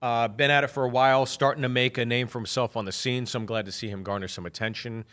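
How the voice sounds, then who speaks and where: A man's voice: mid-range voice, fairly even intonation, fast talker, a bit bright. A man hosting a comedy podcast, introducing clips in an easygoing, casual chat. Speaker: podcast host.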